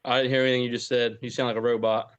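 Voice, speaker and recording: Easygoing guy guesting on a live chat, talks quick, plain mid voice. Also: mid-range voice, flat delivery, smooth, muffled recording. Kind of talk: casual livestream chat.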